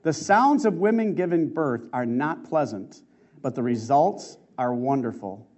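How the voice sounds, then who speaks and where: A man preaching a sermon, reading a testimony aloud in an earnest, emotive way with slow dramatic stresses. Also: medium pitch, expressive, a little mellow. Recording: muffled lo-fi recording.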